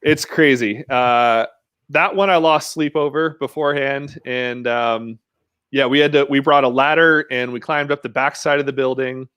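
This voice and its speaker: A man's voice: mid-range voice, moderate pace, fairly bright tone, clear, resonant tone, no echo, clean studio sound. A man telling stories as a podcast guest in a laid-back, casual way, with frequent fillers. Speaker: podcast guest, mountain bike rider. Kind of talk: casual interview chat.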